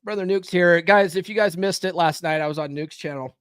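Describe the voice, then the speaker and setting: Animated high-voiced male podcast host. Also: fairly quick, smooth, dry recording, studio quality. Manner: animated, swears freely, frequent fillers and "okay?" tags. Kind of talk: live stream commentary and book reading.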